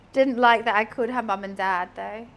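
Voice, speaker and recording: A woman's voice: a little high, fairly even intonation, normal speed. A young woman with a slight lisp, chatting playfully with her stream chat while she cooks. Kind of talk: casual cooking stream chat.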